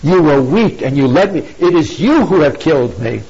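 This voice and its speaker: Accusing betrayed queen read by a man in his own husky, slightly high voice, dull lo-fi sound. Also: very animated, normal speed, darkish tone, full character voice. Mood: bitter accusing. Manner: accusing, emphatic. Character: betrayed grieving queen Dido, woman, bitter. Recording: dull lo-fi recording.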